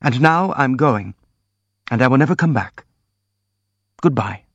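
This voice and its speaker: An earnest, gentle young prince, as a male audiobook reader voices him, speaking softly and pleadingly at a middling pitch. The recording is dry and a little muffled. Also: lively intonation, a little slow, slightly rough, no room sound. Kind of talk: audiobook dialogue reading. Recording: dry, dull lo-fi sound.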